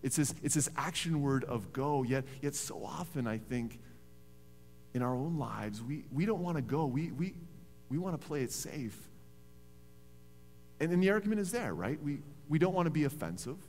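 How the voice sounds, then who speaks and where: Pastor preaching in a reverberant hall. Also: male voice, on the high side, normal speed, a little hiss or hum. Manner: conversational, animated storytelling. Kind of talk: sermon. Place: church sanctuary.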